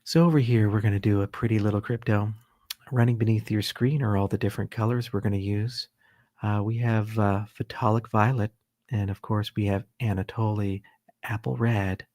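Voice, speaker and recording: A man putting on the voice of a gentle, soft-spoken male TV painting teacher who talks in slow, soothing, encouraging phrases. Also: fairly low pitch, steady tone, no echo, studio quality, natural voice.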